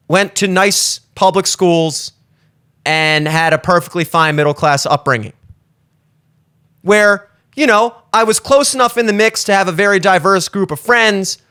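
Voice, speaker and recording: Host role: man from the Baltimore area, bright tense tone, loose profane rant delivery. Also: sits high, clear, resonant tone. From Baltimore area, USA. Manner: animated, profane, rambling. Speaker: show host. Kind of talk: casual comedic rant.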